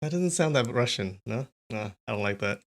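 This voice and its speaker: A man's voice: medium pitch, expressive, a little fast. A man hosting a casual livestream, chatty and thinking aloud, laughing often. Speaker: streamer.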